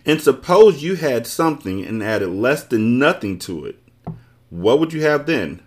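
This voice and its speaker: A man's voice: mid-range voice, very animated, a little slow, voice pushed up. Male reader doing a cheerful know-it-all shape creature for a storybook, wide-ranging voice. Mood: pedantic. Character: pleased, many-faced male geometric creature.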